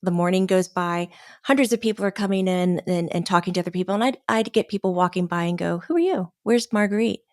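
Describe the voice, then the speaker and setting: A middle-aged woman, a guest on a podcast, tells a story fast and in a steady tone, laughing a lot and acting out little quotes in casual chat. Her voice is a bit low for a woman, and the sound is close and dry without room echo.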